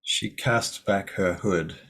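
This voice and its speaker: A man narrating a tabletop game as game master, halting, with fillers and repeats. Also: sits low, fairly bright tone, husky.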